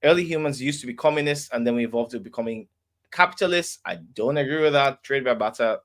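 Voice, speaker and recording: A man's voice: medium pitch, fast. Podcast host guy, hesitant, stumbles over his words a lot. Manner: hesitant, stammering restarts. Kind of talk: casual debate chat.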